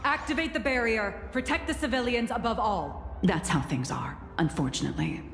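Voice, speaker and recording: A woman playing a composed security captain giving measured briefings in a disaster, in a video game. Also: fairly high pitch, lively intonation, soft background music. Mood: grave. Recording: roomy echo with long reverb.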